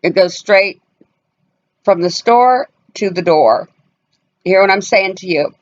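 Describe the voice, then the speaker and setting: A woman's voice: medium pitch, animated, measured pace. A woman tells a personal story straight to her viewers, casual and emphatic. She hammers her points home and slips into other people's voices as she quotes them. The sound is somewhat dull and lo-fi. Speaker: family vlogger.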